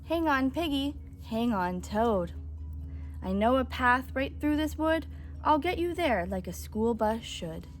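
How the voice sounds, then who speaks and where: A woman's voice: sits high, lively intonation, measured pace, faint music behind. A woman reading aloud and voicing a cheerful, brave little male truck in sing-song rhyme. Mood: encouraging.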